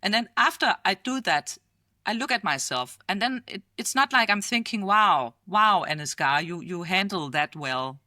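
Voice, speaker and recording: Middle-aged Danish woman, animated guest, crisp bright tone, dry close sound. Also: mid-range voice, no room sound. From Denmark. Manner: lively, laughs often, acts out quoted voices. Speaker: futurist guest. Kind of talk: casual interview chat.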